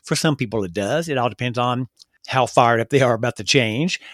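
A man hosting a solo motivational podcast, talking earnestly and excitedly, with stumbles and restarts. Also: medium pitch, brisk, dry recording, studio quality. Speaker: podcast host.

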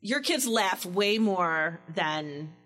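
A woman's voice: on the low side, drawn-out words, faint music behind. A woman in her forties chatting casually, telling a parenting story and acting out the quotes. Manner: animated storyteller, acts out quotes. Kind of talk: casual chat.

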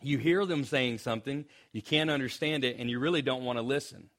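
A young male pastor preaching in a loose, conversational way, often restarting phrases. He slips in joking asides and keeps his voice at an ordinary middle pitch. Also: brisk, fairly bright tone. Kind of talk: sermon.

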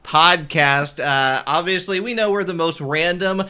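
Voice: mid-range voice, measured pace, sharp tone, clean tone. A podcast host opening an episode in casual, upbeat, rambling chat. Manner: upbeat, rambling, easily laughing.

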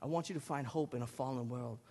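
A man in his thirties with a Lynn, Massachusetts accent, preaching a sermon and telling stories animatedly, getting loud at times. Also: mid-range voice, fast talker. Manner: animated storytelling, rising to loud bursts. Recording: long hall reverb.

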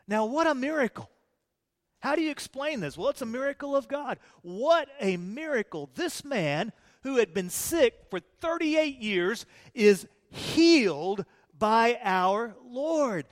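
Male pastor, sermon, animated, slow delivery, long church reverb. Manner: animated, swings between loud emphasis and quiet low lines.

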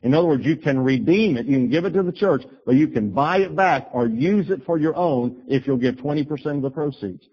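Husky-voiced man preaching a sermon. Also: on the high side, fairly quick, hardly any pauses. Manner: storytelling, animated bursts when quoting himself. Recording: dull lo-fi recording.

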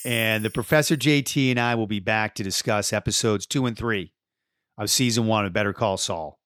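A man's voice: fairly low pitch, normal speed, a bit bright, no echo, studio quality. A man hosting a podcast, talking in a laid-back, chatty and enthusiastic way. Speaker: podcast host. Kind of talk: casual podcast chat.

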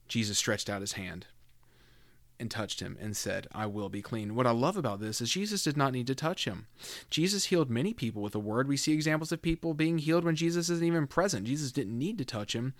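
A man's voice: mid-range voice, no room sound. A man hosting a casual Bible teaching podcast, talking loosely with fillers and restarts as he reads scripture aloud.

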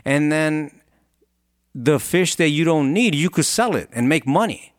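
A man's voice: a little high, expressive, measured pace, dry recording, studio quality, voice pushed up. A man doing a pushy suited businessman. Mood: insistent. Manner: insistent, lecturing, raised voice.

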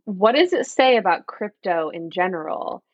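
A woman's voice: medium pitch, lively intonation, normal speed, husky, dry recording. A woman co-hosting a casual news podcast, teasing her co-host in a wry manner. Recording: dull dry sound.

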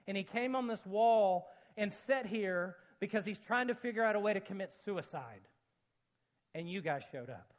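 A man preaching a sermon, telling a mission story with jokes and acted-out quotes, then turning earnest and quiet. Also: moderate pace. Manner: animated, jokey, acts out quotes, shifts to low earnest tone. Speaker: pastor.

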